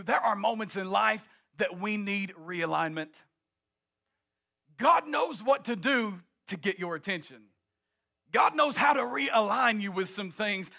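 A male pastor preaching an impassioned sermon, rising into shouts and a sing-song cadence, then dropping into folksy asides. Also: high-pitched, animated, measured pace, gravelly.

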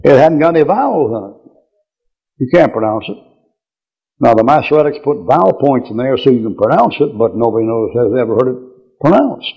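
A man's voice: medium pitch, lively intonation, fairly quick, mellow, breathy edge. An older man teaching the Bible in a blunt, folksy way, with chuckling asides. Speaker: preacher. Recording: muffled old lecture tape.

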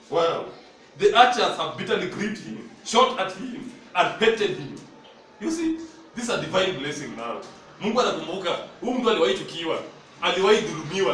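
A man's voice: high-pitched, a bit bright, slight background noise. A man with a Kenyan accent preaching a sermon, mixing Swahili and English and calling on the congregation for responses. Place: church hall. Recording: echoey hall, mic at a distance.

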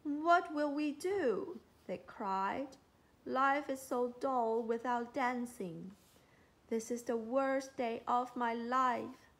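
A woman's voice: on the high side, takes it slowly, fairly bright tone. A woman reading a children's storybook aloud, giving the quoted lines small voices. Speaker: storybook reader.

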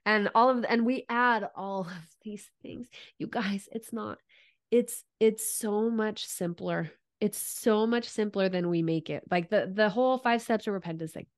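A woman's voice: medium pitch, measured pace. A woman hosting a faith podcast, who muses earnestly and speaks in bursts of emphasis. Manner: earnest and musing, with frequent restarts and bursts of emphasis. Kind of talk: reflective faith conversation.

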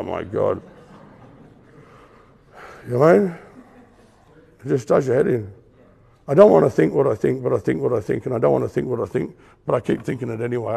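A man's voice: mid-range voice, vocal fry, darkish tone, husky, in a large hall. A middle-aged Australian man giving an earnest, emphatic testimony sermon in a conversational way, with acted-out asides. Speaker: preacher.

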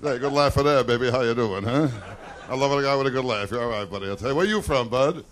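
A male stand-up comedian delivering rapid self-deprecating one-liners on a nightclub stage, often breaking in with "I tell you.". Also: mid-range voice. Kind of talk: live stand-up routine. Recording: noisy live club recording with crowd. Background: audience laughter and applause.

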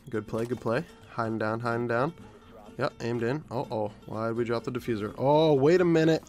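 A young man giving live commentary over a shooter game, swearing often and swinging from low mumbling to loud yelling. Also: moderate pace, no room sound. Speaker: gaming YouTuber.

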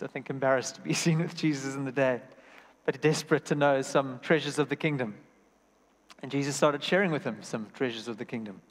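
A young man preaching a sermon, earnest and personal, telling stories and repeating key phrases. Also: medium pitch. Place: church hall. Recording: reverberant church hall.

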